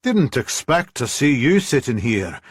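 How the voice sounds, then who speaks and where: A man's voice: medium pitch, sing-song, unhurried, husky, no echo, studio quality, voice pushed up. A man voicing a bustling older woman who runs a pub, with a thick Scottish accent and a chatty, homely manner. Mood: friendly.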